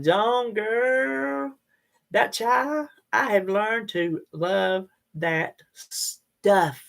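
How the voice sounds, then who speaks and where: An older woman, chatting casually and directly to her viewers in a vlog. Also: on the low side. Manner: chatty, animated, talks straight to viewers. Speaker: vlogger.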